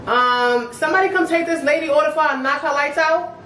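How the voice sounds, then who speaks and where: A woman playing a sassy, sarcastic fast-food manager in a comedy skit. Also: high-pitched, fairly bright tone, reverberant, slight background noise.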